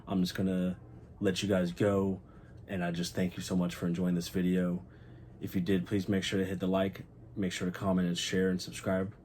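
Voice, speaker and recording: A young man hosting his channel, recapping a TV episode in a casual, excited and heartfelt way, swearing freely. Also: deep voice, moderate pace, slight background noise. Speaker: channel host.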